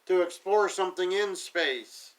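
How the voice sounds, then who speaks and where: A man with a slightly high voice runs through an episode recap, dry and sarcastic, tossing off loose paraphrases of what everyone says. He sounds set back from the microphone, so the voice carries a little distance. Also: unhurried, a little hiss or hum. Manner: sarcastic, paraphrases characters offhandedly. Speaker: TV episode reviewer.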